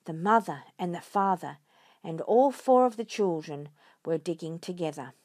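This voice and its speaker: A woman reading a children's storybook aloud, expressive and lively. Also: lowish voice, moderate pace, no room sound, studio quality.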